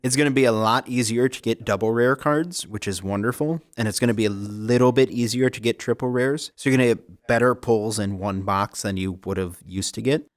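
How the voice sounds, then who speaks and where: A man's voice: medium pitch, fairly quick, few pauses, no room sound, clean studio sound. A man co-hosting a casual card game podcast, chatty and upbeat, laughing often and stumbling over words now and then. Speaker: co-host.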